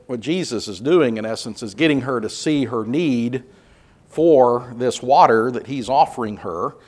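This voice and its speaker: Man teaching a relaxed Bible class. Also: medium pitch. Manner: relaxed, hesitant, with many filler sounds; asks the group questions and reads scripture aloud.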